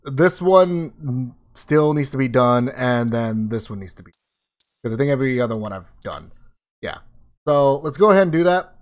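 A man casually commenting on his gameplay, swearing and thinking out loud. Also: medium pitch, animated, moderate pace. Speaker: let's-play streamer.

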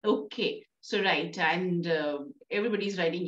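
A woman's voice: a little high, animated, a little slow. Woman teacher, Indian English accent, coaxing lesson talk, echoey, dull recording. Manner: coaxing, checks with "right?" often. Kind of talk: classroom lesson explaining a play. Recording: distant, roomy, dull sound.

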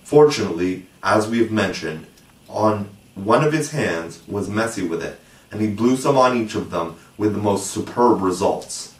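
A man narrating a storybook aloud with expressive, measured delivery, recorded with a roomy, distant mic. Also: on the low side. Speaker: audiobook narrator. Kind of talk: storybook reading.

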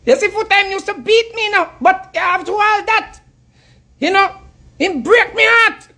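A man with a Jamaican accent putting on a mocking falsetto voice of a heartbroken woman who pleads and whines. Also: pushed and bright, heavily acted. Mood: whiny pleading. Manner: whiny, drawn-out mocking falsetto.

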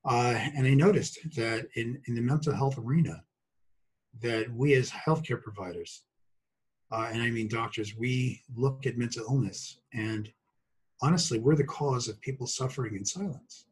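A man's voice: mid-range voice, normal speed, husky, rough recording. A man in his sixties from Brooklyn, a guest doctor talking about his practice in a chatty, joking way with many fillers. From Brooklyn, New York. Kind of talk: casual talk.

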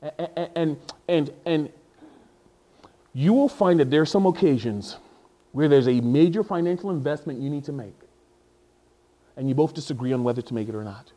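Animated, joking male pastor. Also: fairly high pitch, moderate pace, long pauses. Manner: animated, jokey, repeats words and restarts. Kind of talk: sermon.

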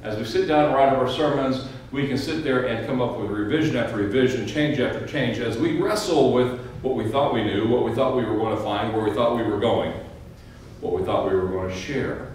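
A man's voice: mid-range voice, a little mellow, slight background noise. Male pastor, sermon, wry storytelling, very echoey church room, distant mic. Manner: halting, repeats words at the start, then storytelling with a wry dry humor. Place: church sanctuary.

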